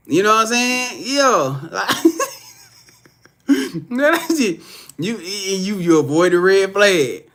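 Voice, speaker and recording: A young man with a slightly raised pitch chats loosely on a live stream. He rambles and swears, restarts his sentences often, and reads viewers' comments aloud as he answers them. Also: animated, a little slow, a bit bright. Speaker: live stream psychic reader.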